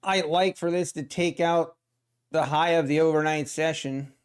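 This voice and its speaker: A man's voice: a little high, steady tone, normal speed, clear, resonant tone. A man hosting a live day-trading stream, chatting casually with viewers and thinking aloud about the market, often trailing off and restarting. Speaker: day trading livestream host.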